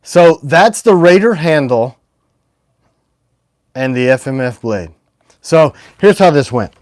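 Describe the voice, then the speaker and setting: Animated man chatting on a livestream. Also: fairly high pitch, takes it slowly, no room sound, studio quality. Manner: rambling, animated, self-deprecating. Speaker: knife maker and livestream host. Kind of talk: casual livestream chat.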